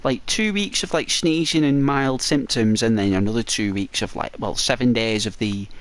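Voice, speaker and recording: A man chatting casually during a break in his game stream, his throat dry and croaky, rambling and peppering his talk with "like". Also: medium pitch, normal speed, no room sound. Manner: rambling, full of "like".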